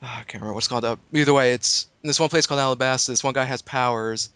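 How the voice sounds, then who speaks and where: A man's voice: mid-range voice, fairly even intonation, racing, a bit bright, clear, resonant tone, dry recording. A man in a casual podcast chat who explains things at length in a rambling, hesitant way.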